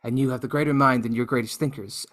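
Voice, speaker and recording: A man quietly reading the lines of a cold, scornful male robot villain on a podcast. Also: mid-range voice, fairly even intonation, quick pace, lightly acted.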